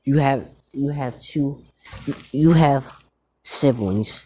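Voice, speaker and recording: A man's voice: mid-range voice, slow, warm tone, natural voice. A man voicing a weary old male village leader who brushes things off in an offhand way. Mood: dismissive.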